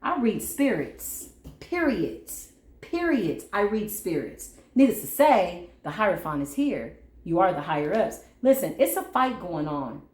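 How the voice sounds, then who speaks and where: A woman's voice: on the low side, a little slow. Woman tarot reader rambling on her vlog, swears casually, sings little bits, roomy echo. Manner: animated, slangy and profane, breaks into sung bits. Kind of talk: spiritual tarot reading vlog.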